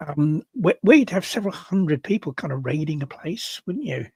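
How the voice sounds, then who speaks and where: A slightly higher-pitched older man with a husky, breathy edge to his voice. He talks in a casual, halting way, restarting and repeating words as he works out his point. The sound is dry and close. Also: animated, a little mellow, no room sound. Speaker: podcast co-host. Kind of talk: casual discussion.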